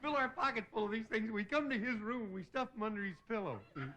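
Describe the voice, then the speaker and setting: A man's voice: high voice, fast, muffled recording, very noisy. A man hosting a comedy show, telling folksy joking army stories in a stand-up monologue and chuckling at his own lines. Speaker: comedian host. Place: TV studio stage before a live audience.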